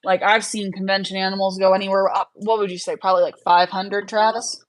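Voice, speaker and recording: A woman's voice: mid-range voice, little pitch movement, fairly quick, low-quality recording. A young woman hosting a casual livestream, chatting frankly with viewers and answering their questions with lots of fillers. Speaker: livestream host, rabbit breeder.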